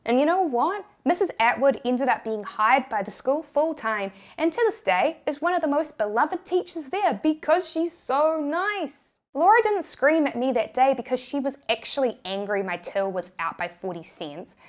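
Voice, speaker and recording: High-voiced New Zealand woman storyteller. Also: animated, normal speed, few pauses. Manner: candid, self-deprecating. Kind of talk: scripted storytime narration.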